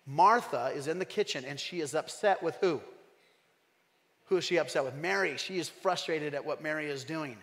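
Male pastor, slightly high voice, emphatic sermon, church hall with long reverb. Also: normal speed. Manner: animated, emphatic, asks the congregation questions.

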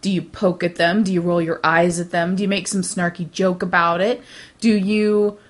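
A woman's voice: on the low side, normal speed. Rambling woman, casual chat. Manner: rambling, animated, many restarts. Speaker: podcast co-host.

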